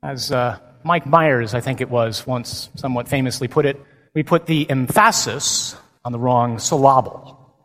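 A man, a priest, giving a lively and humorous conference talk with emphatic delivery. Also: medium pitch, a little slow. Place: large hall. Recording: long hall reverb.

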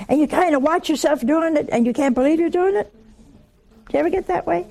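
A woman giving a sermon, telling homely stories with humor and slow, drawn-out emphasis. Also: high-pitched, animated, vocal fry, mellow. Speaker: religious speaker.

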